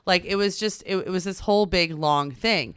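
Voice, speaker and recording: A woman in her thirties co-hosting a parenting podcast, telling personal stories in an animated way and acting out the dialogue. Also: lowish voice, normal speed, clear, resonant tone, no echo, studio quality. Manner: animated storyteller, acts out dialogue. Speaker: podcast co-host. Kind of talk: casual chat, personal storytelling.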